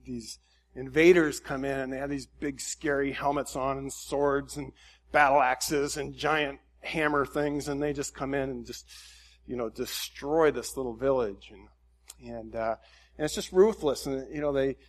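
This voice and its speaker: A man preaching a conversational sermon in a relaxed, folksy way, with frequent fillers and restarts. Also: medium pitch, unhurried. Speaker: pastor.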